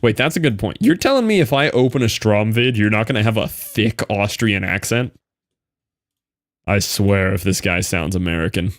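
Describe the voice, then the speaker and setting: A man's voice: on the low side, animated, moderate pace, no echo, clean studio sound. Joking man streaming a game. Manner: joking, chatty, talks back to videos. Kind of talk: casual gameplay commentary.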